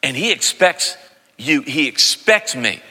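A man in his fifties preaching a sermon as pastor, telling stories with animated, loud impressions of family voices. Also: medium pitch, takes it slowly. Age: 50s. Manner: animated storytelling, mimics voices loudly. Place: large church sanctuary. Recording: long hall reverb.

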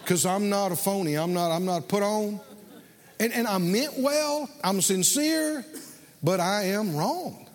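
A man's voice: sits high, big-room sound. A man preaching a sermon, telling stories and leading call-and-response with his congregation.

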